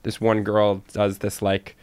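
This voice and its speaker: A man co-hosting a comedy podcast, talking casually and enthusiastically, full of "like" and quick restarts. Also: fairly low pitch, monotone, a little mellow, clear, resonant tone, no room sound. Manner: chatty, full of "like" and restarts, gets emphatic. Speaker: podcast co-host.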